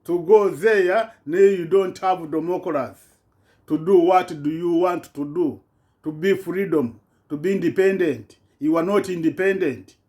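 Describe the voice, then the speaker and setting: A man's voice: sits high, measured pace, darkish tone. A man giving an impassioned political rant in broken, non-native English, repeating himself with indignation. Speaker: vlogger.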